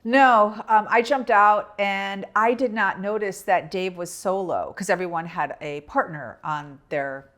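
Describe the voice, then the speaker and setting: A woman's voice: mid-range voice, a little slow, hardly any pauses. A woman co-hosting a casual podcast, telling a family travel story with lots of quoted back-and-forth. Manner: animated, retells with quoted dialogue. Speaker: podcast co-host.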